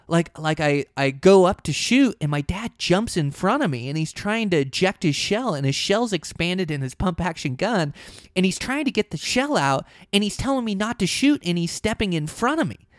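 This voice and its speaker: A man telling a hunting story in a casual, rambling way, often saying "you know" and "like", and getting animated when the action picks up. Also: sits high, no echo, studio quality.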